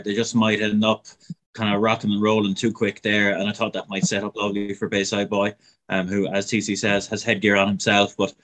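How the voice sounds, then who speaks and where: A man talking through horse racing tips in a relaxed, mumbling way full of fillers. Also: lowish voice. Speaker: racing tipster. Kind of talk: casual betting chat.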